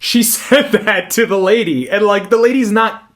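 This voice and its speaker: A young man co-hosting a podcast, telling a story in casual chat, animated and swearing as he acts out what people said. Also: high voice, moderate pace. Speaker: podcast co-host.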